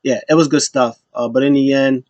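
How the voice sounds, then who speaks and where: A man recaps wrestling in a loose, rambling way, acting out the lines people said. His voice sits at a middling pitch. The sound is dry, with no room echo. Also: steady tone, fairly quick, a little mellow, muffled recording. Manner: loose, rambling retelling that acts out quotes.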